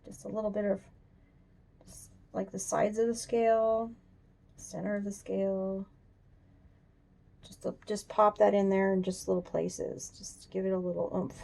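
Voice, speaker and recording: A woman hosting a coloring tutorial, chatting casually and thinking aloud as she works, even talking to her drawing. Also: medium pitch, measured pace, vocal fry, long pauses. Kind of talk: casual demonstration while drawing. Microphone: camera on a tripod.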